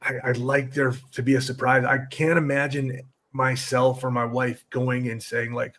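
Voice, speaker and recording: A middle-aged man, a podcast guest, chatting casually in a relaxed, rambling way and often restarting his sentences. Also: medium pitch, moderate pace. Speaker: podcast guest, former wrestler. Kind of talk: casual interview chat.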